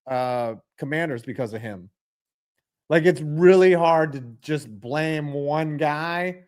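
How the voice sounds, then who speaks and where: A young man hosting a live football reaction stream, ranting with lots of swearing and calling plays with sudden bursts of excitement. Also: a little high, slow pace. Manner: profane, ranting, jumps into excited play calls.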